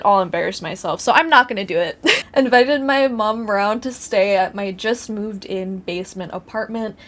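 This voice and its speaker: A young woman from the US Midwest reading online stories aloud and chatting about them, swearing freely and laughing often. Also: mid-range voice. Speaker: YouTuber reading Reddit stories. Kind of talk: casual reading and commentary.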